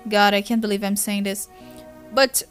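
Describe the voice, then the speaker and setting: A woman with a Brazilian Portuguese first language voicing a patient teenage girl who calms and coaxes a crying friend. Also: medium pitch, moderate pace, faint music behind, voice pushed down, close to an everyday voice. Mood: coaxing. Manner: soothing, coaxing.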